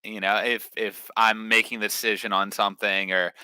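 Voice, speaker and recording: A man's voice: fairly low pitch, little pitch movement, normal speed, bright, forceful tone, clear, resonant tone, no echo, rough recording. A young man talking bluntly and confidently in a casual podcast chat, swearing freely. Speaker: podcast guest.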